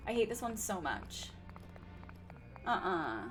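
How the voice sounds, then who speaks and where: A woman's voice: medium pitch, big pitch swings, slow, faint music behind. A woman streaming a game, chatting casually with her viewers and thinking aloud, nursing a slightly sore throat. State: sore throat, sipping tea. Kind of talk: casual game livestream chat.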